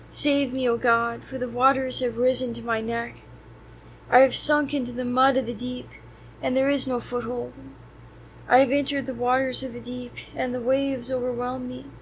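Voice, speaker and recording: A woman leading prayer, reciting psalms and canticles in a steady, even recitation. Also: fairly high pitch, a little hiss or hum, rough recording. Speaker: prayer leader. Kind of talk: reciting liturgy of the hours.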